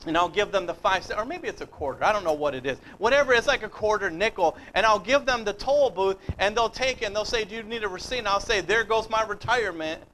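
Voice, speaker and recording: A middle-aged man with a notably high voice delivers a sermon. He talks in a loose, conversational way and slips into quoted dialogue as he tells stories. A faint hum of ambience sits behind him. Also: animated, fast, few pauses, fairly bright tone, rough recording. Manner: conversational, storytelling, acts out dialogue. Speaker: preacher.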